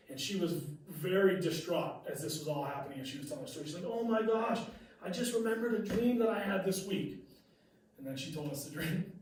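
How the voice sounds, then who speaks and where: Guy teacher lecturing, kinda high voice, super echoey room, mic a bit far off. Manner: animated storytelling with fillers and restarts. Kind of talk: classroom lecture with anecdote.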